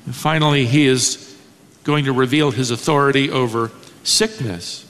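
A man's voice: mid-range voice, steady tone, normal speed, a bit bright. A man preaching an expository sermon, teaching with emphasis, rhetorical questions and repeated key words. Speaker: pastor. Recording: long hall reverb.

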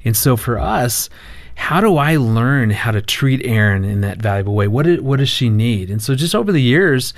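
A man in a casual conversation, telling a family story in an animated way and acting out the quoted lines. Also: mid-range voice, normal speed, dry recording. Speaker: marriage counselor and guest.

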